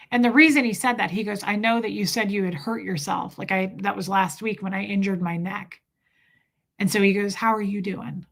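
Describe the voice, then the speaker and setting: A woman in her thirties telling an emotional personal story about her family, speaking haltingly with restarts. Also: mid-range voice. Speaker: vlogger.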